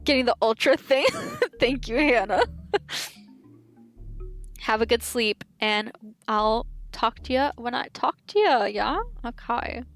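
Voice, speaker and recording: A woman's voice: fairly high pitch, lively intonation, unhurried, soft background music. A woman in her twenties with a light Southern accent, chatting and giggling with her live-stream chat. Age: 20s.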